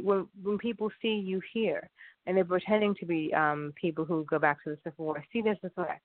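A man's voice: fairly high pitch, dry recording. Tinny-sounding man rambling in monologue. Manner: rambling, repeats and restarts often. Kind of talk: casual monologue. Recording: tinny phone-like sound, dry.

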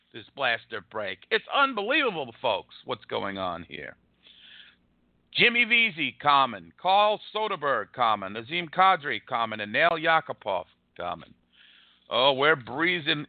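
A man hosting a live card-pack break, rattling off names with excited, wisecracking commentary. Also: fairly high pitch, dry recording, phone-quality sound. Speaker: host opening card packs. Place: room across from an arena.

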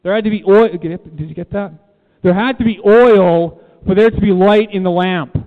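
A man with a high-pitched voice delivers a sermon at a moderate pace, hammering home key phrases and asking the room questions. It was captured in a church room with thin, phone-like audio and lingering reverb.

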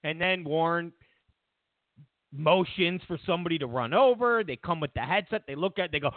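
A man's voice: fairly high pitch, animated, fairly quick, no room sound, phone-quality sound. A man hosting a commentary show, talking in a mocking tone and acting out what others said. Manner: mocking, acts out quotes in silly voices. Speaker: host. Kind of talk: political commentary monologue.

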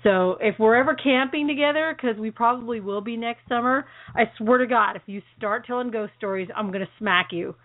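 A woman's voice: on the high side, fairly quick, few pauses. Chatty woman on a thin phone line. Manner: chatty and excitable, laughs often. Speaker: co-host of a call-in internet radio show. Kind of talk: casual chat. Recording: phone-like band-limited audio.

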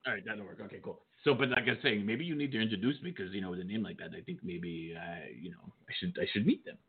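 Male co-host, low voice, rambling and flirty, tinny phone-line sound. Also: fast. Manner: flirty, joking asides, rambling. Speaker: co-host reading rankings. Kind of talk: casual joking show chat.

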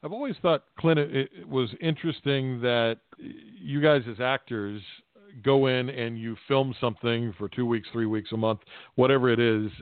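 A man hosting a podcast, asking questions in long, winding sentences. His voice comes through a tinny, phone-like line with a dry sound and no room echo. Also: medium pitch. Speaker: podcast host. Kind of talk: podcast interview.

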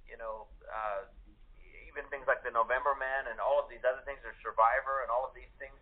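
A man from Canada, an actor guest on a chat show, explaining his views in a measured, thoughtful way over a phone-line recording. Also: medium pitch, fairly even intonation. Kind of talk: casual interview talk.

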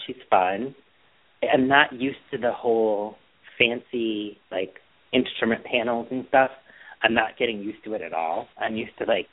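A man co-hosting a podcast, chatting casually in a sassy, playful, teasing way. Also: fairly low pitch. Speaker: podcast co-host. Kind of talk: casual gossipy chat. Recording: tinny phone-like line.

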